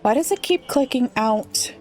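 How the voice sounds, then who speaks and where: A woman playing a city-builder game, thinking aloud and puzzling over it, her voice a little rough today. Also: a little high, lively intonation, normal speed, darkish tone, faint music behind. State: slightly rough voice. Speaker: let's play gamer. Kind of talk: relaxed gameplay commentary.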